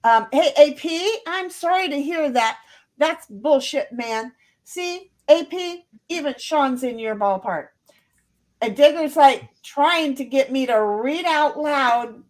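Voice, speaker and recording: A woman's voice: high voice, animated, takes it slowly. A woman hosting a casual livestream from home, reading viewer comments aloud and rambling as she stumbles over repeated words. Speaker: livestream host.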